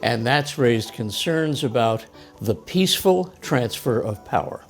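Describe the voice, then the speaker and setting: In this scripted lesson dialogue, a man from the U.S. speaks a little slowly at a medium pitch. He explains things evenly and plainly, slipping in light chuckles, with gentle music faintly behind him.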